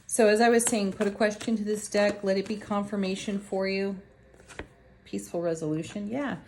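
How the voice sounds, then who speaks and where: A woman's voice: medium pitch, fairly even intonation, moderate pace, a little mellow, a little hiss or hum. A woman reading tarot cards to her viewers in a casual, chatty, upbeat way. She laughs often and talks straight to her audience. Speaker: tarot reader.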